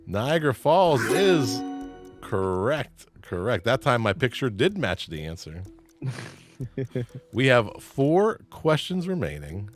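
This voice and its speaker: A man's voice: medium pitch, very animated, slow, soft background music. A man hosting a trivia game show, reading clues and joking playfully with the players, laughing often.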